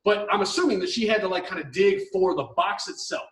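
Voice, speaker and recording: A man's voice: high-pitched, fast, fairly bright tone, distant mic. Profane man ranting in a roomy room. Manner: profane, heated ranting with mocking impressions. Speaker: podcast co-host. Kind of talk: ranting advice podcast.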